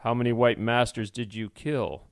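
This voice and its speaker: A man's voice: mid-range voice, flat delivery, moderate pace, no echo, clean studio sound, lightly acted. A man doing a stern commanding blacksmith. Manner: commanding, threatening. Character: stern powdered-wigged male master blacksmith.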